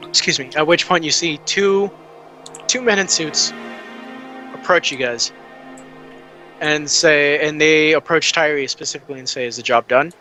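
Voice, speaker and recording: A man's voice: on the high side, unhurried, long pauses, sharp tone, soft background music. A man narrating as game master of an online tabletop game, rambling and restarting his phrases.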